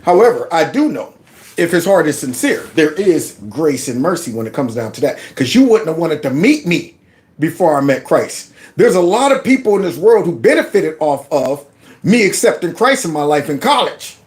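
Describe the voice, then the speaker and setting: Animated storytelling man in his fifties. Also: fairly high pitch, moderate pace. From Youngstown, Ohio. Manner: animated, preachy, acts out voices in his stories. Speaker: host. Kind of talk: casual commentary and storytelling.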